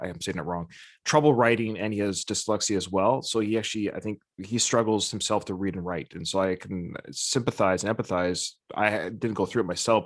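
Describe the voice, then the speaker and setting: A man hosting a podcast interview, talking with enthusiasm and rambling through restarts and asides. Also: fairly low pitch. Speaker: podcast host.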